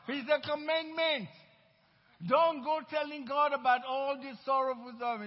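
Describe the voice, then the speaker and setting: A man's voice: very high-pitched, a little slow. A male pastor preaching a sermon, emphatic, repeating his lines and drawing out key words. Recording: dull recording in a reverberant church hall.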